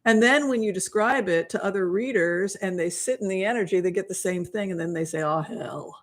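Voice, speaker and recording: In a brisk, mid-range voice, a woman runs a casual tarot reading livestream as a psychic host. She comes across as earnest, now and then dropping to near whispers.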